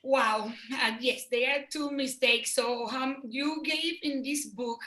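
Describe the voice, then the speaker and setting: Woman host, Dominican Spanish accent, high and bright voice, hesitant, in an echoey room. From Dominican Republic. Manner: halting, hesitant questions with fillers. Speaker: interview host. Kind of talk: casual interview.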